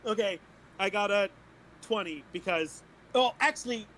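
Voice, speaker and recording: A man's voice: sits high, normal speed, bright, forceful tone, a little hiss or hum, low-quality recording. A man playing a tabletop game, playful and giggly, joking in character. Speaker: player.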